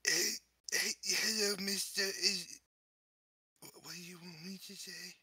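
A man voicing a silly high-voiced male prank caller who halts and hesitates. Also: fairly even intonation, a little slow, sharp tone, slightly rough, no echo, recorded from a distance, heavily acted. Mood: goofy.

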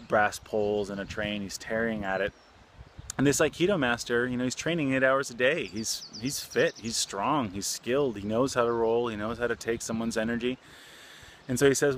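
Relaxed man telling a story. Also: on the low side, a little hiss or hum. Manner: relaxed, rambling, with many fillers. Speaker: martial arts teacher. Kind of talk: casual storytelling lesson.

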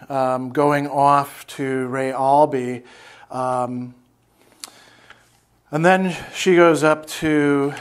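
A man who tutors philosophy, reading passages from a novel aloud and commenting on them, with many pauses and fillers. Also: on the high side. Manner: halting, with frequent fillers.

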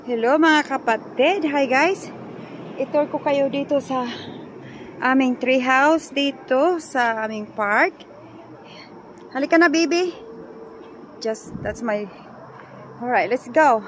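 A woman's voice: high-pitched, slow pace, long pauses, slight background noise, low-quality recording. A woman chatting casually to her viewers on a phone while out on a bike ride and at a park. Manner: chatty, mixes English with Tagalog. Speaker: vlogger. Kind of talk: casual vlog narration while biking.

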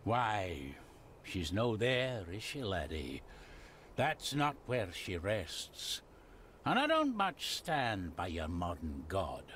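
A man with a Scottish accent playing a gruff, secretive gardener who clings to the old ways, speaking slowly and guardedly. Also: low-pitched, huge pitch swings, a bit bright, a little hiss or hum, full character voice. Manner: slow, guarded, dialect-heavy. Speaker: game character.

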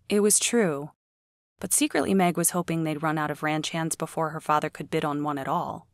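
Female audiobook narrator, low steady read, dry studio sound. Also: moderate pace, dry recording.

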